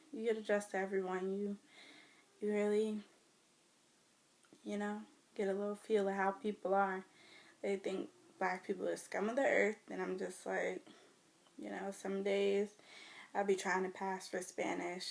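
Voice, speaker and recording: A young American woman, talking casually to camera about her life, swinging between loud mimicry and near whispers. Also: creaky. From United States. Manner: animated storytelling, mimics others in loud high voices, drops to near whispers. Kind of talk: casual vlog rant. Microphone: phone or webcam.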